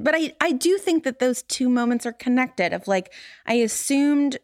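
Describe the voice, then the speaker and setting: Candid self-mocking woman, higher voice. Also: expressive, moderate pace, no echo, clean studio sound. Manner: candid and self-deprecating, laughs while telling stories. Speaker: podcast co-host. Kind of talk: candid conversational podcast talk.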